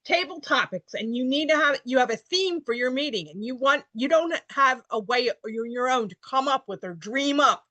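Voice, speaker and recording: A woman's voice: high-pitched, expressive, normal speed, hardly any pauses, pushed and bright, no echo. Woman presenter, dry close sound. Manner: plain, explanatory, repeats points in other words. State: getting over a cold, coughing now and then. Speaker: workshop presenter. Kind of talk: online workshop talk.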